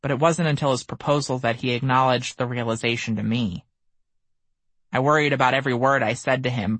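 A man reading his own memoir aloud as an audiobook, measured and somber. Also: mid-range voice, fairly bright tone, no echo. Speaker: memoir narrator. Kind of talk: audiobook narration.

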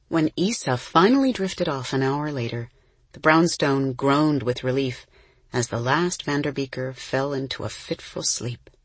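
An audiobook narrator reading a children's novel in a gentle, measured storytelling voice with a husky tone. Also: medium pitch, no room sound.

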